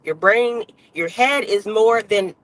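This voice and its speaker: A woman's voice: medium pitch, slow pace, poor audio. A woman on a livestream, ranting bluntly with heavy cursing and lots of emphatic repetition. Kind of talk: unscripted livestream rant.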